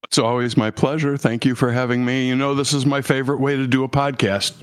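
Man, podcast regular, halting, dry wit, mid pitch. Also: flat delivery. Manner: halting, restarts, dry humor. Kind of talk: casual chat.

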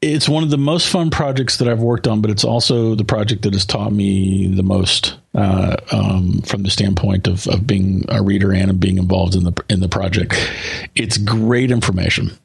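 Host, male, husky gravelly voice, talks slowly with lots of fillers. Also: on the low side, steady tone. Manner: hesitant, drawn-out praise with many fillers. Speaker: podcast host. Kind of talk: casual podcast chat.

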